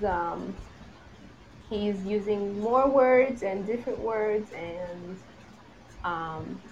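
A woman in a parents' group chat giving an unhurried update with fillers. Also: mid-range voice, lo-fi sound, slight background noise.

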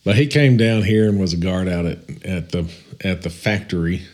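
Deep-voiced man, laid-back drawl. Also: normal speed. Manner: relaxed, drawling, laughs easily. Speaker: podcast co-host. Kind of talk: casual podcast chat.

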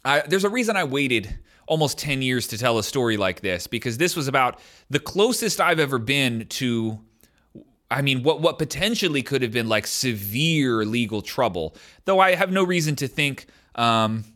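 A man's voice: medium pitch, animated, moderate pace, pushed and bright. A man in his thirties telling a personal story in a loose, conversational way, full of "like" fillers. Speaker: storyteller sharing a personal experience. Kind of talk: casual storytelling to camera.

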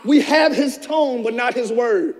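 A man pastor giving a passionate sermon, swinging between shouted peaks and hushed asides, recorded in a church. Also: very high voice, unhurried. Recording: long church reverb.

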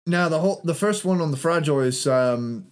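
A man's voice: on the high side, expressive, fairly quick. A man with a light Cornish accent chats on a podcast about music and life. He tells rambling stories with plenty of laughs and the odd swear word. His tone is loose and easygoing. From England. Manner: laughing, swearing, tangent storytelling. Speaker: podcast co-host. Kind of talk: casual chat.

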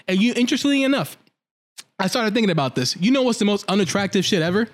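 High-voiced man animatedly recapping an anime. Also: fast. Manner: animated storyteller acting out characters' lines. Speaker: podcast co-host. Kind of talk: casual profane anime recap chat.

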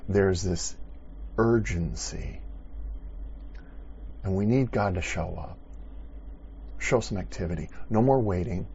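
A man preaching a sermon, retelling a story with animated, restarting delivery. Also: on the low side, highs cut off, a little hiss or hum. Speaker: pastor.

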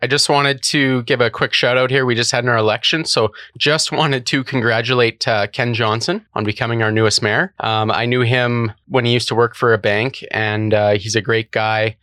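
Friendly man, bright and steady. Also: mid-range voice, moderate pace, hardly any pauses, dry recording, studio quality. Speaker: podcast co-host. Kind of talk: casual podcast chat. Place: podcast studio.

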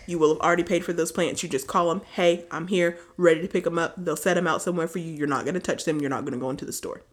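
A woman's voice: lowish voice, steady tone, rapid-fire. A woman co-hosting a podcast in joking, playful casual chat, swearing and laughing often. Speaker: podcast co-host.

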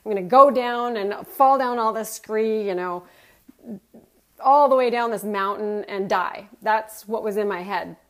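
A middle-aged woman, a motivational speaker, tells an audience a personal story, acting out her own thoughts. Her voice is medium in pitch and her pace is measured.

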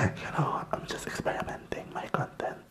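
A man with a Filipino accent hosting a whispered ASMR podcast, talking softly and rambling to his listeners while he switches between languages. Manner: soft, rambling, code-switching, talks to listeners. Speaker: podcast host. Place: small home studio.

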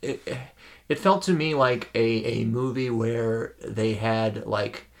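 A man's voice: mid-range voice, slow, gravelly. Male podcast co-host, wry and rambling, mid-range voice. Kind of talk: casual film discussion.

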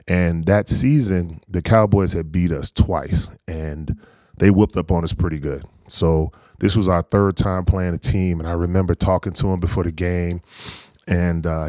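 A man in his forties from North Carolina, a former pro football player, telling stories in an easygoing, animated way in an interview. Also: low voice, dry recording, studio quality. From North Carolina, USA. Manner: easygoing, animated anecdotes with frequent laughs. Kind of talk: casual storytelling interview.

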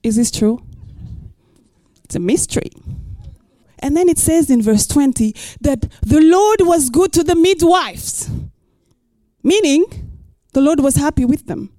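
A middle-aged woman pastor preaching a sermon and reading scripture, expressive, with playful asides and rhetorical questions. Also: high-pitched, unhurried, pauses often, dry recording.

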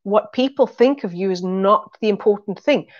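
A woman's voice: mid-range voice, moderate pace. Earnest woman teaching, slightly dull recording. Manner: conversational and earnest, retelling stories. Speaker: Bible teacher.

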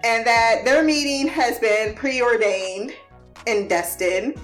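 High-voiced woman in a laughing, profane recap. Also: slow pace, soft background music. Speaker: TV episode recapper. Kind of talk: casual episode recap.

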